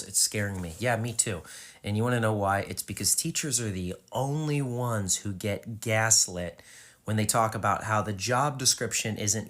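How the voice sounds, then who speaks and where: A man's voice: fairly low pitch, a bit bright. Wry, sarcastic man commenting. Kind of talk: reaction commentary.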